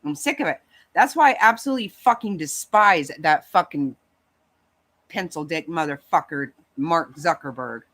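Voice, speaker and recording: A woman's voice: sits low, animated, moderate pace, fairly bright tone. Lady ranting on her stream, swears constantly, voice swinging all over. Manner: profane, blunt, heated. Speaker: livestream host. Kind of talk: angry casual rant to chat.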